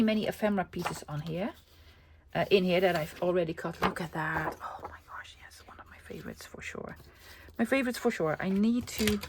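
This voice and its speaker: This craft vlogger is a young woman with a mid-range voice, talking playfully to her viewers as she works on her crafts. She calls them "love," slips into a whisper now and then, and the casual vlog chat has background noise behind it.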